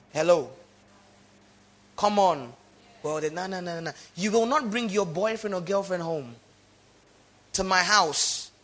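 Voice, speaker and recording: Emphatic pastor with gravelly voice. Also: male voice, on the high side, a bit bright. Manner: emphatic call-and-response preaching. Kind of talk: sermon. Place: church.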